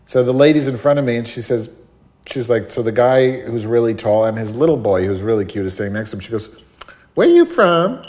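A man chatting casually and telling a story in a sardonic, animated way, sometimes mimicking other voices. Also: medium pitch, fast talker.

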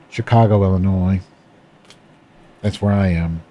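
A man with a mellow, dark voice reads a dry legal document aloud as a comedy bit, in the persona of a drag host. He stumbles and restarts words often. He breaks away for wry, self-mocking asides to his listeners. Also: medium pitch, moderate pace. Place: in Chicago.

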